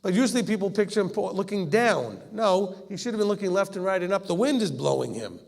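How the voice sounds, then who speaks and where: A man's voice: high voice, expressive, fast talker, vocal fry. A man teaching scripture in a conversational way, acting out the quoted lines and often laughing. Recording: long hall reverb.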